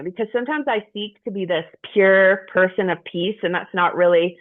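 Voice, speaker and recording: A woman's voice: medium pitch, normal speed, hardly any pauses. A middle-aged woman candidly sharing personal stories with a group, frank and profane, rambling with restarts. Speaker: group participant. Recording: tinny phone-like sound.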